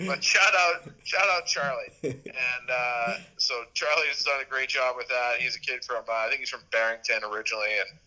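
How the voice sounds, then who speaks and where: A man's voice: medium pitch, moderate pace, sharp tone, low-quality recording. A man in his thirties chatting as a podcast guest, rambling with restarts and fillers. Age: 30s. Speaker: podcast guest, sports media host. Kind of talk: casual interview chat.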